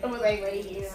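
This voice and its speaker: A young woman giving a casual wig review, blunt and profane, complaining in exasperation. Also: mid-range voice. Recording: roomy sound from a distant mic with music behind.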